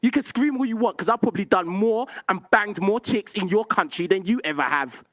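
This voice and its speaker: A man's voice: high voice, a little fast, a bit bright. A young man hosting a call-in show, arguing insistently and repeating himself. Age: young adult. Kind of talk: heated call-in argument.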